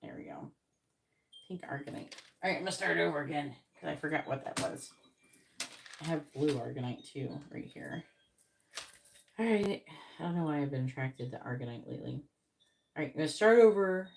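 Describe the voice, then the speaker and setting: A woman's voice: deep voice, expressive, a little fast, creaky, noisy background. A tired woman hosting a tarot live stream, chatting casually and rambling, with many ums and self-corrections.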